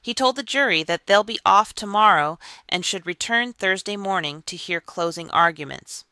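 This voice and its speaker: Bright, crisp scripted news narrator. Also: mid-range voice, dry recording. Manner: even, measured reading of court reports.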